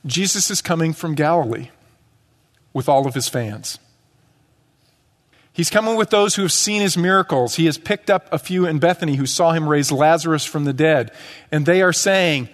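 A man preaches from the pulpit, his voice sitting a little high for a man. He teaches conversationally and slips into quick acted-out lines. The sound carries a long church-hall reverb. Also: fairly bright tone. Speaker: pastor. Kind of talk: sermon. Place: church sanctuary.

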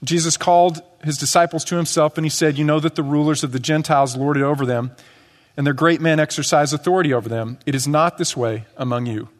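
A man's voice: on the high side, fairly even intonation, fast, big-room sound. A male pastor delivering a sermon in a conversational way, acting out quotes as he teaches. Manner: conversational preaching with acted-out quotes. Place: church sanctuary.

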